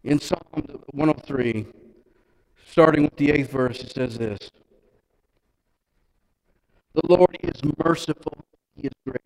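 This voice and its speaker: A male pastor preaching a sermon, talking conversationally with repeated phrases and building to loud, emphatic passages. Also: on the high side, unhurried, pauses often, big-room sound, rough recording.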